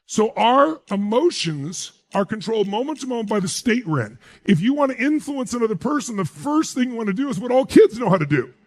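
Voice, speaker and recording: A man delivering a motivational speech to a live crowd, his fairly high voice leaping up and down in pitch. He hammers his points home and keeps firing rhetorical questions at the listeners. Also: very animated, brisk, few pauses. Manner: emphatic, asks the audience rhetorical questions. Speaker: motivational speaker.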